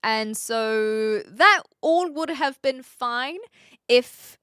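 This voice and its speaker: A New Zealand woman with a Kiwi accent chats casually on a live stream. Her voice is bright, a little high, and upfront, with frequent laughs. The sound is dry and close, with no room echo. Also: lively intonation, very slow, clean tone. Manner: chatty and upfront, laughs often. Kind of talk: casual live-stream chat answering viewers.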